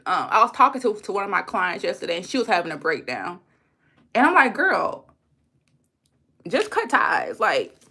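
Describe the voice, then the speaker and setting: A woman's voice: mid-range voice, pushed and bright. A woman on a livestream talking straight to her chat. She is blunt, heated and profane, and she repeats her lines for emphasis. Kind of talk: unscripted livestream rant.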